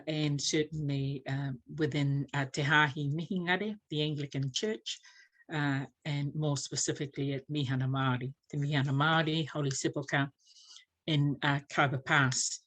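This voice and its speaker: A woman presenting a church language series, unhurried with many fillers, teaching Māori pronunciation through spoken examples. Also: low voice, fairly bright tone. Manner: unhurried, filler-heavy explanations.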